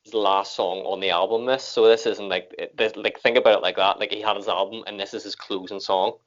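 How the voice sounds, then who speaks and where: A man's voice: lowish voice, steady tone, fairly quick. An Irish man hosting a reaction video, chatting casually and rambling with lots of fillers and restarts. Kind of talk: casual chat. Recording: dull lo-fi audio.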